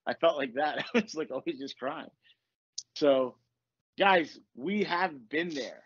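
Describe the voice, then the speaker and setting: A middle-aged man hosting a podcast, telling stories in a casual, animated way, swearing freely and laughing often. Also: a little high, slow, husky, no room sound. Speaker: podcast host. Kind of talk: casual storytelling chat. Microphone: podcast mic. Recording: dull lo-fi podcast audio.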